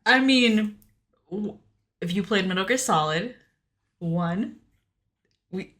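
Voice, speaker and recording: A woman's voice: mid-range voice, slow pace, fairly bright tone. A woman co-hosting a podcast, recapping a game in casual, playful chat with frequent laughs. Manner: playful, laughs often, dry quips. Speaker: podcast co-host.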